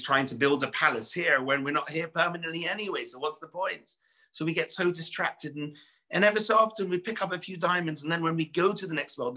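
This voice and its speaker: A man, a rabbi, teaching a class and telling a parable, animated and exhorting. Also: fairly high pitch. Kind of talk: storytelling Torah class.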